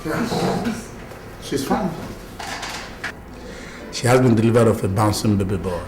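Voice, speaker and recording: An actress playing a calm hospital doctor giving news matter-of-factly, in an echoey room with music. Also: female voice, rumbling low, a little slow, heavily acted. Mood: reassuring.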